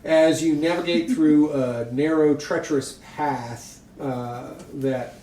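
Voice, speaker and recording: A man's voice: a little high, slow, a little hiss or hum. Laid-back man running a tabletop game. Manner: relaxed, rambling narration with fillers. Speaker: game master. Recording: echoey room, mic far off.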